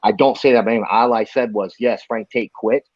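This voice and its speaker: A man from the United States, a bare-knuckle fighter guest, ranting in a heated, profane, rapid-fire way during an interview. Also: lowish voice, no room sound, lo-fi sound.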